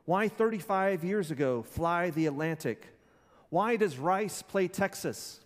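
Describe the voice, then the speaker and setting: A preacher doing a grand 1960s president orating. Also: male voice, high voice, lively intonation, big-room sound. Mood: oratorical. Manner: slow, oratorical declaiming. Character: 1960s male president giving a grand speech.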